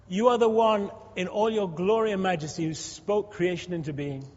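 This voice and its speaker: A man leads his congregation in prayer, stacking fervent, repeated requests. His voice sits high. The sound is dull and hangs in a long church-hall reverb. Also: a little mellow. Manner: fervent, repetitive, rising pleas. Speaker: pastor.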